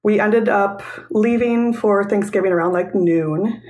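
A young woman calls into a podcast and tells her story in casual, lively talk. She is from Wisconsin and laughs now and then as she goes. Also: mid-range voice, unhurried. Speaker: caller telling a story.

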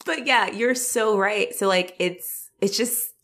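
A woman co-hosting a podcast, chatting casually about a movie in an expressive, jokey way, with swearing. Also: mid-range voice, takes it slowly. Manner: expressive, jokey, swearing, with shouted quoted asides. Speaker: podcast co-host reviewing a movie. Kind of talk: casual chat.

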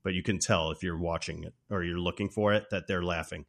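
Male podcast host, lowish voice, lively recap, laughs a lot. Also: brisk, creaky. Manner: animated, laughs often, acts out scenes. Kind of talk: casual movie recap.

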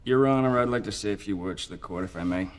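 Casual, slouchy male defendant, played by a man, lower voice. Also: fast, slight background noise, natural voice. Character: slouchy young male drug smuggler in court. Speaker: defendant in a film clip.

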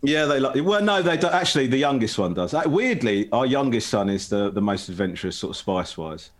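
A man's voice: medium pitch, expressive, a little fast. A middle-aged man in casual chat, rambling through family stories and acting out quoted voices. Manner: rambling storyteller, acts out quoted voices, laughs often. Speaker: podcast co-host.

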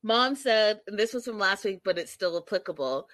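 A woman's voice: mid-range voice, moderate pace, no room sound. A woman giving a casual, sassy commentary recap to her viewers, calling them y'all and acting out what people said. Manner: animated, sassy, addresses viewers as y'all, acts out quotes. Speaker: reality TV recap vlogger.

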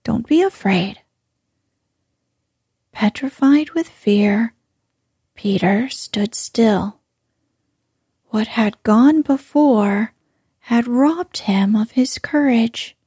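A woman reads a storybook aloud in a soft, measured whispered role-play. Her voice is slightly high but mellow and breathy, and she speaks very slowly. The recording is close and dry. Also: dry recording.

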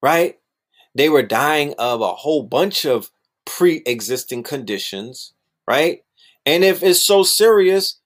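A man talking in a casual, animated monologue, full of slang and repeated phrases, sometimes mocking other people's voices. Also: fairly high pitch, slow.

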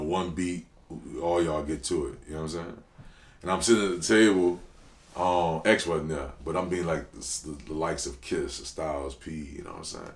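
A very deep-voiced man from New Orleans, a rapper guesting on a podcast, tells stories in a casual interview, animated and slangy with loud bursts. The recording has roomy echo and a little hiss or hum.

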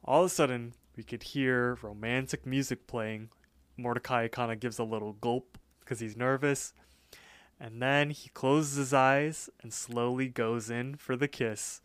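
Male podcast co-host, mid-pitched and resonant, retells cartoon scenes in a relaxed, chatty way. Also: clear, resonant tone, no echo. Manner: retells scenes, quoting characters in quick asides. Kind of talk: casual episode recap.

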